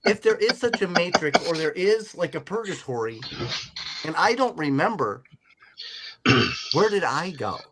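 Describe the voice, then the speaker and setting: A man's voice: a little high, big pitch swings, unhurried, long pauses, heavy background noise. A middle-aged man hosting a podcast, telling rambling stories in casual chat with a joking manner. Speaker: podcast host.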